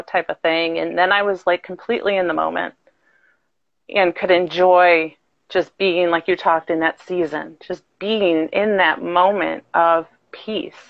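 A woman tells a heartfelt personal story over a video call, her words tumbling out earnestly. Her voice sits a little low for a woman. The sound is dry and close, with a dull, muffled edge. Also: vocal fry, no echo. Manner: earnest, heartfelt, tumbling phrases with soft laughs. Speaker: guest caller. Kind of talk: emotional personal testimony.

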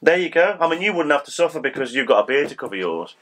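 A man's voice: on the high side, sing-song, fast, fairly bright tone. Chatty middle-aged man, teasing banter. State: slight cold. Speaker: co-host. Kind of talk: casual chat.

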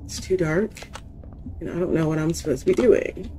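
A woman's voice: deep voice, moderate pace, warm tone, slight background noise. A woman streamer commenting casually on a horror game, reacting with frustration and panicked repetition. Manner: reactive, exasperated, repeats herself in panic. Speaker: gaming streamer.

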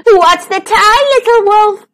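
A woman doing squeaky playful mice. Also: sing-song, normal speed, a bit bright, full character voice. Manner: high squeaky chirping.

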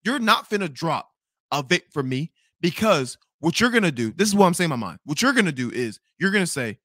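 Fast, animated young man ranting. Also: fairly high pitch, no room sound. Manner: animated, swearing, repeats himself when angry. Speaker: podcast host telling a story. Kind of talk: profane storytelling rant.

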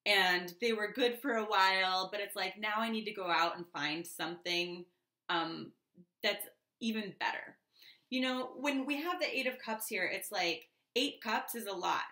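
A chatty woman giving a casual tarot reading, with a bright, forward voice. She talks loosely and fills her sentences with "um" and "like," and the sound is echoey. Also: medium pitch. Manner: chatty, loose, many fillers and asides. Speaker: tarot reader. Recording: echoey room.

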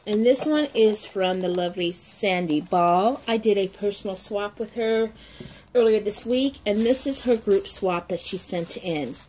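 A woman's voice: medium pitch, measured pace, a little mellow, a little hiss or hum. A woman unboxing nail art mail for her viewers, chatty and heartfelt, with a grandchild, calling her audience ladies and getting teary. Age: older. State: tearful. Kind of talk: casual unboxing vlog.

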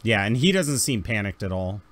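A man narrating a tabletop game as game master, joking often and slipping into quick character voices. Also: fairly low pitch, big pitch swings, fairly bright tone, no room sound.

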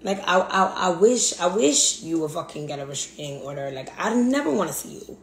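A woman's voice: on the low side, lively intonation, brisk. Profane, ranting woman in an echoey room. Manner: profane, repetitive, blunt. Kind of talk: angry monologue rant. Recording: echoey room, faint background hum.

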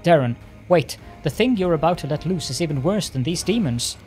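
A man's voice: fairly high pitch, lively intonation, fairly quick, darkish tone, soft background music, close to an everyday voice. A man reading an old male cleric's urgent warning in a fantasy game, his voice raised.

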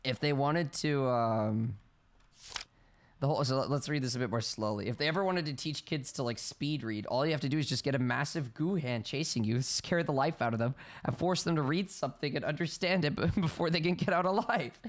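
A man doing excitable let's play commentary, shrieking high in panic, then rambling, joking and reading game text aloud. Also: a little fast. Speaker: gameplay streamer. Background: game music.

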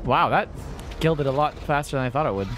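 A man's voice: a little high, fast, music in the background. A male guest making wry remarks while watching a game being played. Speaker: guest commentator. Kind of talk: casual gameplay banter.

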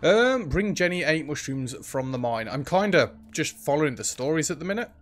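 A man's voice: fairly high pitch, expressive, normal speed. A man hosting a let's play, thinking aloud in casual gameplay commentary. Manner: chatty, thinks aloud while playing, frequent ums.

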